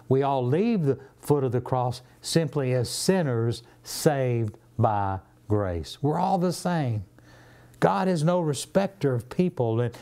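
A man with a Southern US accent, a pastor leading a Bible study in a church, animated and acting out the scripture he quotes. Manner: animated, acts out scripture quotes with rising pitch.

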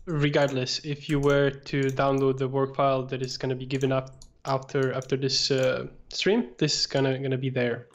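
A man co-hosting a live software Q&A, calmly suggesting steps and relaying questions from chat. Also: medium pitch, normal speed, few pauses. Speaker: product specialist and co-host. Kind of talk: live-stream software tutorial Q&A.

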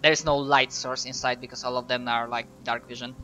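A man's voice: mid-range voice, flat delivery, a little fast, pushed and bright. A man running a tabletop game as game master, narrating with hesitant fillers and self-corrections.

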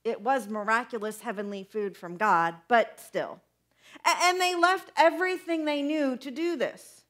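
A woman's voice: fairly high pitch, a little slow. A young woman pastor preaching a conversational sermon, asking her listeners questions as she goes. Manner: conversational, animated, asks the congregation questions.

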